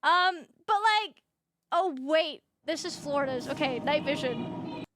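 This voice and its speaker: A young woman streamer telling an animated story in casual chat, swearing freely. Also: high voice, slow, background noise. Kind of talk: casual chat while gaming.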